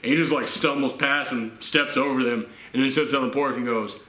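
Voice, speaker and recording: A man's voice: mid-range voice, fairly even intonation, a little fast, pushed and bright. A man from the Southern United States giving a casual film review, chatty, with laughing asides and acted-out quotes. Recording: roomy echo.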